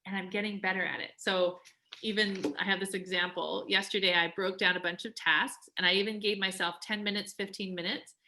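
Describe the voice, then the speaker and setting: Bright-voiced woman coaching a group. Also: mid-range voice, fairly even intonation, brisk, a little hiss or hum. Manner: chatty, acts out quoted voices, many "like"s. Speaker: life coach. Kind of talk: live group coaching talk.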